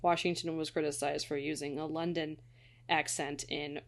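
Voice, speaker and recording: A woman co-hosts a relaxed film podcast and reads trivia aloud. She laughs in the middle of sentences and curses casually. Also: deep voice, normal speed. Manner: laughs while reading, casual swearing. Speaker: podcast co-host.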